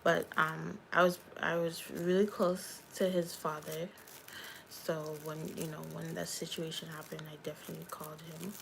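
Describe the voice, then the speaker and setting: A woman's voice: low-pitched, level tone, moderate pace, gravelly, slight background noise, poor audio. A young woman, a YouTuber and hairstylist, chatting candidly on a livestream and talking straight to her viewers. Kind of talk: casual livestream chat.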